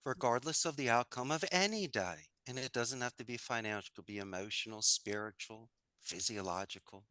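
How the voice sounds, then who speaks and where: Upbeat, bright-voiced man guest. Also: medium pitch, fairly quick, no echo. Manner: upbeat, folksy, full of sayings. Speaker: podcast guest, call center owner. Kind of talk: conversational interview.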